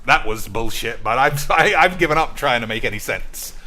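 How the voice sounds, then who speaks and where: A man's voice: medium pitch, expressive, normal speed, bright, forceful tone. Sarcastic, sweary man ranting. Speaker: streamer. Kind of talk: gameplay commentary.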